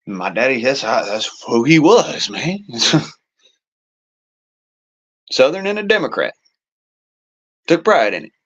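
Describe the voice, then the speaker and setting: A man's voice: medium pitch, very animated, slow pace, long pauses, a bit bright, slightly rough. Man ranting casually, heavy swearing, folksy phrasing, dull lo-fi sound. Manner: profane, rambling, folksy Southern turns of phrase. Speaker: show host. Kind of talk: casual political monologue.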